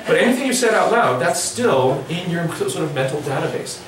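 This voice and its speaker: A middle-aged man leading a drawing workshop, chatting with his audience in a playful, animated way. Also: fairly high pitch, normal speed, noisy background. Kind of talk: live workshop lecture. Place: large echoey lecture room. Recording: echoey hall recording from far off.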